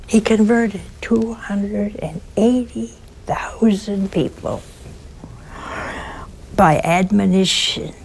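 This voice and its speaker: A woman who is a nun, giving a storytelling sermon, slow and emphatic, with rhetorical questions and folksy asides. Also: medium pitch, gravelly, a little mellow, a little hiss or hum.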